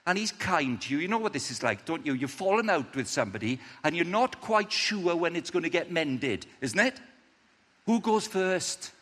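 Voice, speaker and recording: A man preaching a lively, chatty sermon, acting out the characters' lines in different voices. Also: high voice, in a large hall. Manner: animated, acts out quotes in voices, chatty asides.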